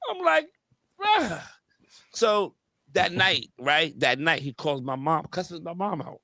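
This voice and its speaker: Bright-voiced animated storytelling man. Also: fairly high pitch, a little slow, gravelly, no echo. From New York area. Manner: animated storyteller, heavy slang and fillers. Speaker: podcast host. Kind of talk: casual chat.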